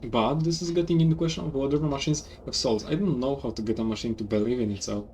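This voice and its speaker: A man's voice: medium pitch, fast talker, a little mellow, a little hiss or hum, lightly acted. A man voicing a humble, folksy male engineer in a game who talks in a drawl and calls people "miss". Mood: puzzled.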